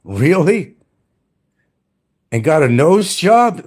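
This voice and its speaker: A man's voice: on the high side, wildly swooping pitch, slow pace, pauses often, a little mellow, husky. An older retired man talking bluntly and profanely on a casual livestream, mocking people and laughing often. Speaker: livestream host. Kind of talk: casual rambling livestream chat.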